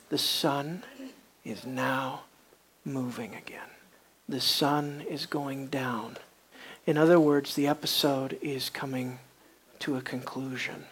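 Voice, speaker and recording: A preacher delivering a sermon, moving from quiet, low passages to loud, emphatic peaks and asking the congregation many rhetorical questions.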